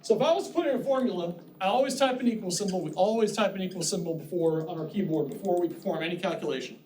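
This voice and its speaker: Chatty high-voiced male instructor. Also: fast, darkish tone, slight background noise. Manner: chatty, joking asides. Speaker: college instructor. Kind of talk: classroom lecture. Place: classroom.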